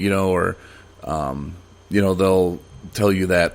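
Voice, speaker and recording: A man's voice: deep voice, takes it slowly. A man hosting a podcast, talking casually and rambling, with many fillers and restarts. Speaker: podcast host. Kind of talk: casual solo podcast monologue.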